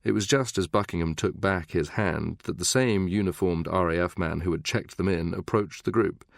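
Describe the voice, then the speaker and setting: A man narrates a thriller audiobook with a steady, measured reading. His voice is very low with a gravelly fry. The recording is close and dry, with no room sound. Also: no echo. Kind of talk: scripted narration.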